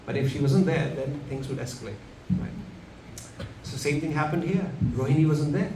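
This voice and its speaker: A man telling a devotional story to a gathering, animated and questioning his listeners. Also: fairly high pitch, moderate pace. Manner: animated, acts out characters, asks the audience questions. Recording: echoey room from far off, background noise.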